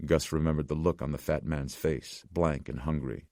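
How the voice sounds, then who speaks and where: A man narrates a horror audiobook in a steady, deliberate voice. His tone is extremely deep and gravelly. The recording is dry and close to the mic. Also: dry recording. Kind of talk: scripted narration.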